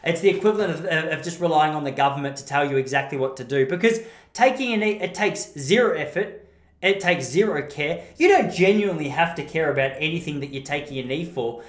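Blunt, rambling Australian man in a roomy echo. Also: a little high. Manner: rambling, blunt, self-correcting. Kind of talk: opinionated monologue.

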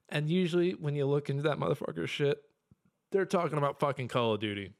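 A young man co-hosting a casual podcast, ranting profanely and excitably, with sudden bursts of yelling. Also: fairly high pitch, quick pace. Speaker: podcast co-host.

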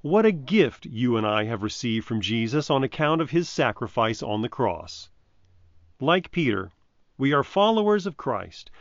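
A man delivers a short devotional reflection in a measured, reverent voice of middle pitch. The recording is dry and a little dull, as if made close to a modest microphone. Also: dry recording. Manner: measured, reverent reading with emphatic quotes. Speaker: preacher.

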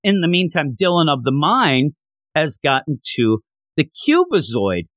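Chatty, excitable young man recapping comics. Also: on the high side, unhurried, dry recording, clean studio sound. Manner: chatty, excitable, laughs often. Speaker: comic book reviewer. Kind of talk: casual recap commentary.

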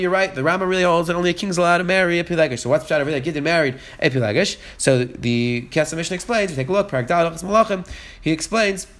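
A man teaching a Torah lesson at a quick clip, with a voice sitting a little higher than most men's. He reads a verse in Hebrew, then explains it in English and goes over each point more than once. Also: a bit bright.

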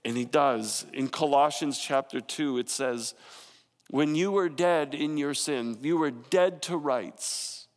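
A man's voice: a little high, slow, long reverb tail. A man in his thirties preaching a sermon as a pastor, conversational and storytelling with playful asides.

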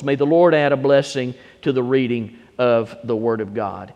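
A man preaching a sermon as pastor, stressing key words with slow, deliberate emphasis. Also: mid-range voice, darkish tone. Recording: long hall reverb.

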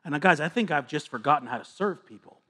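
Here the pastor, a man in his thirties, pitches his voice a little high and talks fast and expressively. He swings between quiet asides and passionate appeals in an earnest, confessional sermon.

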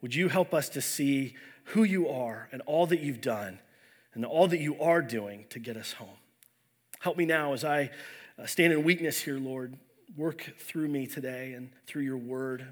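A man's voice: mid-range voice, moderate pace. A man preaching a sermon as a pastor in a church, earnest and storytelling with frequent restarts, while unwell.

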